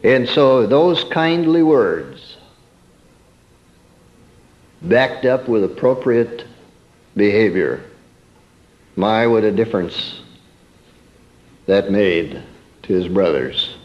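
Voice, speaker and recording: A man preaching a sermon in a storytelling way, swinging from emphatic peaks to soft, quiet asides. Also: on the low side, animated, drawn-out words, pauses often, dull audio.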